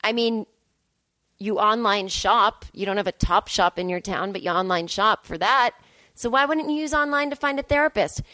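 A woman's voice: medium pitch, normal speed, sharp tone, no echo. A woman in her forties hosting a solo podcast from a hotel room, chatty, sarcastic and self-deprecating as she tells stories. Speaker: podcast host. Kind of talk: casual solo podcast monologue.

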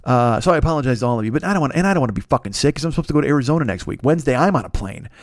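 A man hosting a podcast alone, hoarse and congested with a cold, rambling through a profane story. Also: medium pitch, expressive, very fast, no echo, clean studio sound. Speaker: podcast host. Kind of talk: casual solo monologue.

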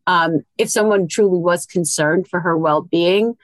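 Measured woman giving interview answers. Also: on the low side, dry recording. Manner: measured, hedging with fillers. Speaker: reality TV cast member, guest.

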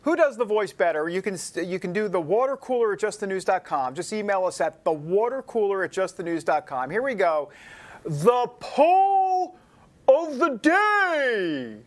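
A man's voice: high-pitched, expressive, brisk, few pauses. A man hosting a political talk show, chatty with joking asides.

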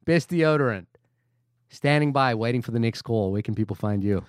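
A man co-hosting a casual podcast who laughs often and drops in quick, playful asides. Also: medium pitch, smooth, dry recording, studio quality. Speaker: podcast co-host.

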